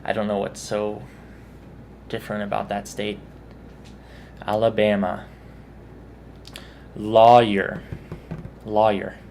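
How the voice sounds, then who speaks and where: A man's voice: on the low side, completely flat delivery, takes it slowly, gravelly, pauses often, darkish tone, a little hiss or hum. A man with a Texan accent, casually musing about his own pronunciation in a vlog. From Texas. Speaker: vlogger.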